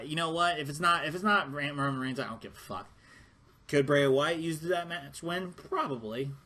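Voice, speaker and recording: A man's voice: medium pitch, bright, forceful tone. A man ranting through a casual wrestling review, heated and profane, rambling with restarts.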